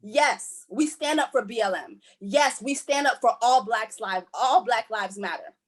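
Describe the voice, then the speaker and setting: High-pitched fiery woman from Haiti. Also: unhurried. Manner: emphatic, blunt, swears freely. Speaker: panel speaker. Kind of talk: impassioned panel talk.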